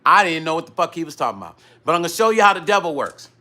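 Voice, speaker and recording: A man's voice: fairly high pitch, racing. A middle-aged man hosting his own live vlog, animatedly retelling an incident in casual talk with frequent swearing. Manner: animated retelling that acts out dialogue, with frequent profanity. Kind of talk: casual live-stream storytelling.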